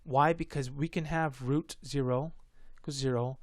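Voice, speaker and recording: A man's voice: mid-range voice, fairly even intonation, moderate pace, dry recording, studio quality. A man explaining math in a casual lesson, rambling and stuttering, often correcting himself. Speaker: math tutor.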